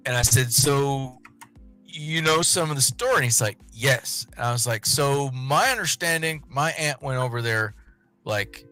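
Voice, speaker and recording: Man, young adult, casual podcast co-host, rambling, bright sound, faint music behind. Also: medium pitch, normal speed, clear, resonant tone. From West Texas. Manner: rambling storyteller, many restarts. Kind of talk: casual chat.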